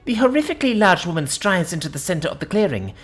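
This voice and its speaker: Woman narrator for a story reading: low, lively, dramatic, with faint music behind. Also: quick pace. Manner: expressive storytelling with dramatic shifts. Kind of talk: scripted first-person audiobook narration.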